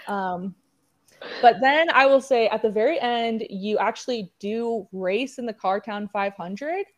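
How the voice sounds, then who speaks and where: A woman's voice: a little high, unhurried. A young woman co-hosting a podcast, chatting casually and giggling often as she talks. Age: young adult. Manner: giggly, chatty, laughs often between phrases. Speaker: podcast co-host. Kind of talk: casual chat.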